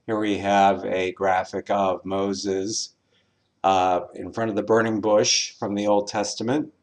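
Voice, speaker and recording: Man minister giving a lesson, low voice, slow and measured, lots of pauses. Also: flat delivery. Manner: slow, measured, with pauses and some filler words. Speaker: minister teaching a class. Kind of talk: recorded spiritual lesson.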